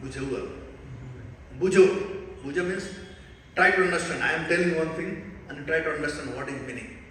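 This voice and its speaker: A North Indian man gives a sermon in a lively, storytelling way, his voice fairly high and bright with an edge. He is heard from a distance in a big hall with long echo and faint noise behind him. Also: fairly quick. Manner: animated storytelling, quizzing the audience. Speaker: preacher teaching a scripture class. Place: large temple hall. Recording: echoey hall recorded from far off.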